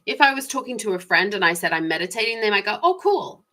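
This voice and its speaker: A woman's voice: mid-range voice, lively intonation, rapid-fire, bright, forceful tone. A woman talking through personal stories in a casual, reflective monologue, chatty and laughing lightly now and then. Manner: chatty, frequent small laughs, shifting pace. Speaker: vlogger.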